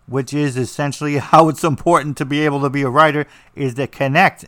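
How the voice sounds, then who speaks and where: A man's voice: on the high side, quick pace, hardly any pauses, fairly bright tone, no room sound, clean studio sound. A man with a New Jersey accent, teaching about writing in a blunt, rambling, joking way with lots of fillers. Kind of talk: casual monologue.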